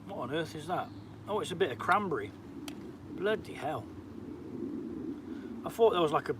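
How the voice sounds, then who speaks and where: Cooking outdoors on a camp stove, a British vlogger chats casually on his livestream, lightly swearing and replying to viewer comments. His voice is high-pitched, with a measured pace and frequent pauses, over background noise.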